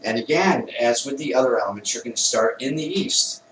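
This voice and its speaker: A man, a Wicca priest, calmly explains a ritual step by step in a plain conversational way, sometimes correcting himself. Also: mid-range voice, brisk, background noise. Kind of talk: instructional ritual demonstration. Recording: echoey room, mic at a distance.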